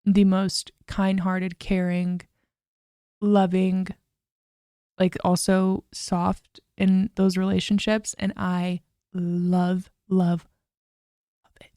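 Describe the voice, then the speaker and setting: A woman's voice: lowish voice, monotone, extremely slow, long pauses, warm tone, dry recording, studio quality. A young woman hosting a casual solo podcast, chatty and full of "like" and "literally". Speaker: podcast host.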